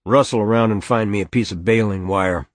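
A weary rural father with a gruff, offhand way of talking, as a man reading the story voices him. His voice sits very low and deep. The sound is dry and close, with no room around it. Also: brisk, dry recording, natural voice. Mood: wry.

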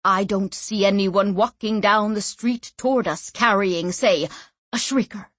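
A woman's voice: medium pitch, unhurried, a bit bright, no echo. Stern male guard captain, formal and dry, read by a woman narrator, close and dry. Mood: scornful.

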